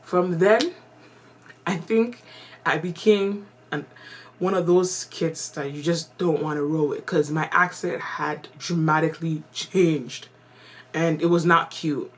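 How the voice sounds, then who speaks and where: A woman's voice: sits low, slow. Slangy casual woman telling a story. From Canada. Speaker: vlogger. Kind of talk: storytime vlog.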